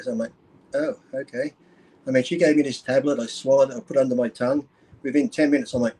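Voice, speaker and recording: A man's voice: mid-range voice, fairly even intonation, quick pace, darkish tone, slightly rough, poor audio. A man chatting as a podcast guest, telling a crude story with bursts of laughter. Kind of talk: casual chat.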